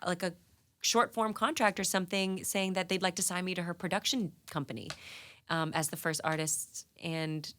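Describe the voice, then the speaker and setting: A woman in her thirties with a bright, forward voice tells stories as a guest. She is from New England and is animated, laughing often and filling her talk with "like". She speaks into a studio microphone in a radio studio. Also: fairly low pitch, normal speed. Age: 30s. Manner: animated, laughing, lots of "like" fillers. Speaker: guest singer. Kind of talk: casual interview storytelling.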